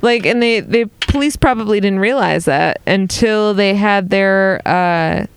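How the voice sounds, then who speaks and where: A woman co-hosting a casual chat show, with dry, deadpan humor. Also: medium pitch, unhurried, slight background noise. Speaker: podcast co-host.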